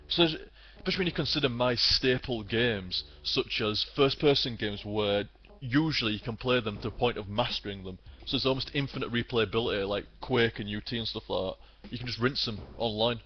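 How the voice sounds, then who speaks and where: A man's voice: medium pitch, a little fast, hardly any pauses, husky. A British man in his twenties, a gaming streamer, ranting bluntly and swearing a lot in casual commentary. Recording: slightly dull lo-fi sound.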